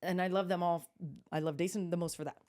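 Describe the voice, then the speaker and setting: A woman co-hosts a casual podcast, drifting into stories with plenty of "um" and "like". Her voice sits a little low and sounds warm and mellow. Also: steady tone, quick pace. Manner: chatty storyteller, frequent fillers and restarts. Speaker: podcast co-host. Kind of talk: casual chat.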